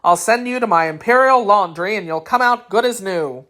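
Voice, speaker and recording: A woman voicing a kindly, dignified tin man emperor in a storybook reading, with warm, courtly speech. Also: mid-range voice, normal speed, close to an everyday voice.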